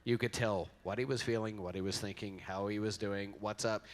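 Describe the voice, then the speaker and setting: A man's voice: fairly low pitch, fairly even intonation, a little fast. A man speaking at a memorial, giving a casual, rambling eulogy full of anecdotes and jokes about his friend into a microphone. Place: convention center event hall.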